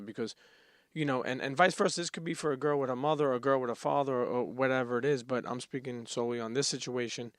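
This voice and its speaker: Host: mid-pitched man, earnest, dry close sound. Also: fast, no echo. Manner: earnest, repeats words, reads quotes aloud. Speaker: podcast host. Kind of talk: casual interview chat.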